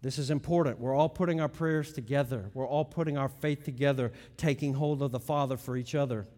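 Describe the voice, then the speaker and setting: A middle-aged man preaching a teaching sermon, stressing key words loudly and dropping into quiet asides. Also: medium pitch, fairly even intonation, brisk, in a large hall. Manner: emphatic, swings between loud stresses and quiet asides. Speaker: pastor.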